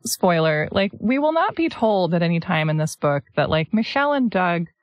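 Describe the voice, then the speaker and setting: A woman's voice: fairly low pitch, moderate pace, no echo, highs cut off. A Canadian woman co-hosting a podcast in casual chat, reading passages aloud and making sarcastic asides. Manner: sarcastic, animated, often laughing. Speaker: podcast co-host.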